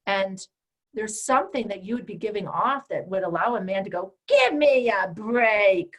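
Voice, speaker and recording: A woman's voice: mid-range voice, fairly quick, a bit bright, poor audio. A woman coach teaching a group call, speaking directly and emphatically and acting out the voices she quotes. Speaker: empowerment coach and trainer.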